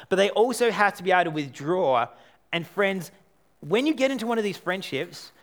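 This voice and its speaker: A man preaching a sermon, animated, acting out quoted voices and moving between loud lines and hushed ones. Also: fairly high pitch. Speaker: pastor.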